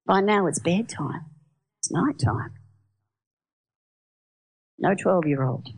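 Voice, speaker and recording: A woman gives a sermon in a slightly low voice. She tells stories with lively energy and often puts questions to her listeners. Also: slow pace, long pauses, breathy edge. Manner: lively storyteller, asks the audience questions. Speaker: preacher. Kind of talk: sermon with storytelling.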